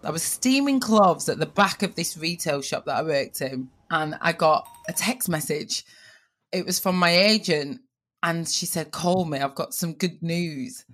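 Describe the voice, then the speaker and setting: Northern English woman, low voice, telling her story. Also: measured pace. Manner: animated, lively voice changes for quoted speech. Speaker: TV presenter. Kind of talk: personal storytelling.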